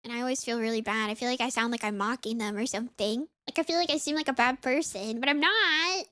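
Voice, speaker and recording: A woman's voice: fairly high pitch, fast, pushed and bright, no room sound. Young woman streamer, light Southern accent, congested, chatty, dry close sound. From US South (Florida, Mississippi). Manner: chatty, rambling, lots of "like". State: sniffly, congested. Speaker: VTuber streamer. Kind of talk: casual gaming stream chat.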